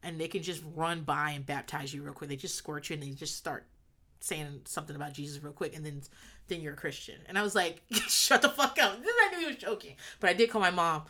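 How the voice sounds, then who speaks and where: Bright-voiced rambling woman recapping a sitcom. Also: sits low, fairly even intonation, quick pace. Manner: rambling, laughs often, acts out characters' lines. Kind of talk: casual chat recapping a sitcom.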